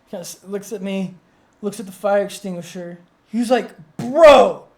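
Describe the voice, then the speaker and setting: A young man co-hosting a podcast, telling a story in casual chat, excitable and rambling with frequent swearing and restarts. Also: high voice, fairly quick. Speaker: podcast co-host.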